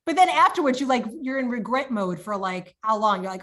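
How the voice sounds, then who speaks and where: A bubbly woman chatting as a guest in a casual interview. Her voice sits a little high for a woman, and she laughs easily as she tells stories with lively energy. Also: brisk. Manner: bubbly, laughing often, animated storytelling.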